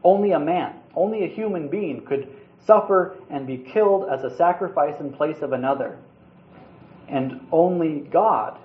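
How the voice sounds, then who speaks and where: A man preaching a sermon in an earnest, conversational way, now and then restarting his words. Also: on the high side. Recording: roomy, slightly dull sound.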